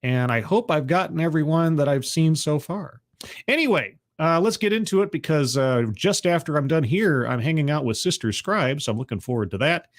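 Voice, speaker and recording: A man hosts a relaxed livestream, talking at a fairly high pitch with a lively, bouncing delivery. He is chatty and a little sardonic, greeting viewers one by one. His voice sounds slightly rough, as if not fully warmed up. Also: moderate pace. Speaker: livestream host. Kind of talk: casual livestream commentary.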